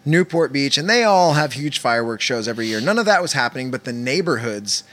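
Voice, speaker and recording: A man chatting casually, telling a lively profane story with plenty of swearing. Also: medium pitch, fast talker. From Southern California. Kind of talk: casual chat.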